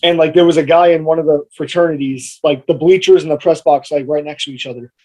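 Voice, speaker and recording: A man's voice: a little high, steady tone, fast, a little mellow, poor audio. A young man, a college radio announcer, telling a rambling story with lots of fillers in a casual podcast chat.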